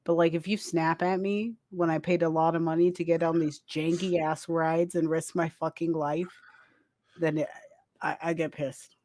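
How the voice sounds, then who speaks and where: A man's voice: on the high side, level tone, normal speed, darkish tone, no echo. A man co-hosting a casual comedy podcast, telling rambling, self-mocking stories with plenty of swearing. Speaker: podcast co-host.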